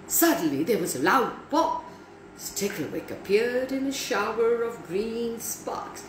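A woman reading a story aloud for children in an animated way, speaking to her young listeners. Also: a little high, takes it slowly. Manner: animated, talks to listeners directly. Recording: echoey room, faint background noise.

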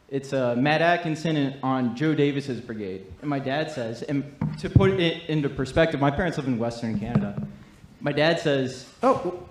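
A man, a trivia contestant, telling a casual story with a relaxed manner and filler words. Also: mid-range voice. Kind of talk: casual anecdote. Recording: echoey hall.

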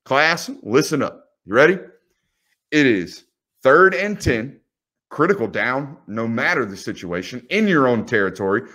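A man's voice: mid-range voice, very animated, measured pace, a bit bright. A young man, hosting a casual football film breakdown, teasing players with rhetorical questions. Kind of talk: casual video commentary.

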